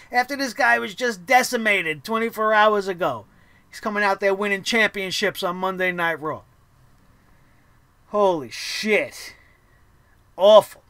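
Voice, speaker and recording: Guy ranting about wrestling, swears a ton, really high bright voice. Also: creaky, no echo. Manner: profane, heated, animated ranting. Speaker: wrestling show host.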